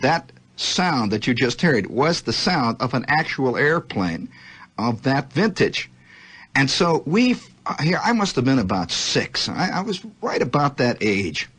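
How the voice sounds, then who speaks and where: Man, radio host, husky, animated, rambling storytelling monologue, pitch swings widely. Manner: animated, rambling, searching for words.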